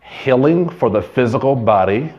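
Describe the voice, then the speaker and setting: A man's voice: mid-range voice, expressive, normal speed, dull audio. A man preaching a sermon as pastor, in a conversational way, telling stories and adding asides.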